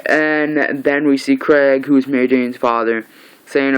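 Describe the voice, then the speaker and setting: A man's voice: medium pitch, measured pace, fairly bright tone, clean tone, low-quality recording. Young man rambling a comic recap. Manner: rambling, loose retelling with many restarts and "he's like". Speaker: comic book reviewer. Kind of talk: casual recap vlog.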